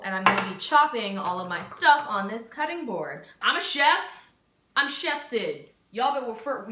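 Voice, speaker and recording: A woman's voice: a little high, sharp tone, a little hiss or hum. Woman, twenties, playful cooking vlogger, dramatic mock panic, echoey kitchen. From Texas. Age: 20s. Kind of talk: casual cooking vlog. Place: home kitchen.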